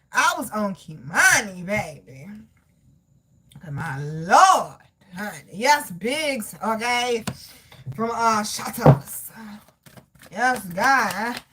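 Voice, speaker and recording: A woman's voice: on the high side, takes it slowly, slightly rough. A woman, chatting casually and animatedly as a tarot reader talking straight to her viewers. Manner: animated, loud laughs, swearing, addresses viewers as y'all and baby. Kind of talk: casual livestream chat.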